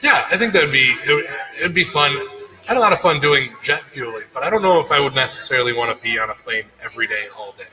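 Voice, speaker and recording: A man co-hosting a podcast, telling a story in a casual, animated way and acting out the people he quotes. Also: medium pitch, fast talker, faint music behind, rough recording. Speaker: podcast co-host.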